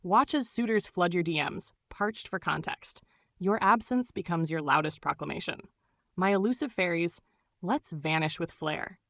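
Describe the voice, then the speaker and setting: A woman's voice: mid-range voice, fairly bright tone, dry recording. A woman reading scripted narration in a gushing, doting way, full of pet names.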